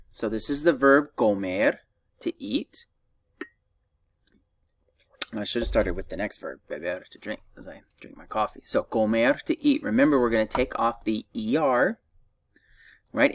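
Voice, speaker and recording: A man's voice: medium pitch, dry recording, far from the mic. A man teaching a recorded Spanish grammar lesson, patiently drilling verb conjugations for his students to repeat.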